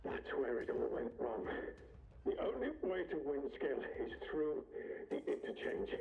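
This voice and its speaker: A desperate scientist bleeding out in a sealed bunker, his voice raspy, strained and fairly high. He pleads through the pain as a video game character, heard through thin, phone-like game audio. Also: sing-song, normal speed. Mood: urgent. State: in pain, weak from blood loss. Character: wounded trapped male scientist, desperate.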